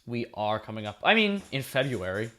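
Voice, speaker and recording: Rambling podcast co-host, male, bright lively voice, keeps restarting thoughts. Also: medium pitch, brisk. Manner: rambling, excitable, often restarts sentences. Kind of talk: casual podcast chat.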